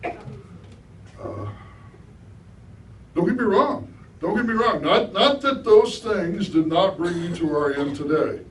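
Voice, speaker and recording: A middle-aged male guest speaker with a slightly high voice gives a conversational spiritual talk in a hall with a live audience, often posing questions to them. The room is echoey, the mic is at a distance, and there's a little hiss or hum.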